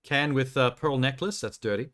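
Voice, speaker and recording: A man's voice: medium pitch, moderate pace, fairly bright tone. A young man live-streaming, chatting casually and making crude jokes while browsing trailers. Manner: joking, crude, rambling commentary.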